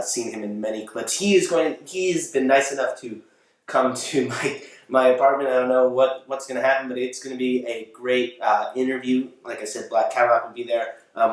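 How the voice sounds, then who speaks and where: A man delivers a loose late-show-style monologue from his apartment, rambling and catching himself mid-sentence with little chuckles. His voice sits at an ordinary middle pitch. The recording rings with heavy room echo, and the mic sits well away from him. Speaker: host of a home talk show. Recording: very echoey room, mic far off.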